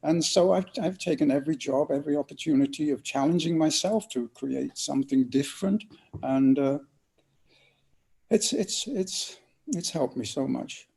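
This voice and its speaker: A man's voice: fairly high pitch, moderate pace, gravelly. An older man from England, telling stories expressively as a guest in an interview. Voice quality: lively, expressive storyteller's delivery. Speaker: guest actor. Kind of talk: storytelling interview answers.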